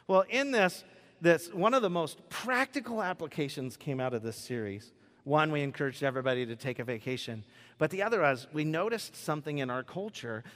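Joking pastor preaching in a big hall. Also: male voice, fairly high pitch, a bit bright. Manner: conversational, joking, acts out quoted voices. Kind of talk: sermon. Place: church sanctuary. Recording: preached in a large reverberant hall.

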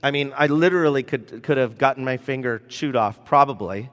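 A man's voice: mid-range voice, brisk, a bit bright. A man from the United States giving a sermon, telling rambling personal stories with lots of fillers and asides. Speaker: pastor. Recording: reverberant hall.

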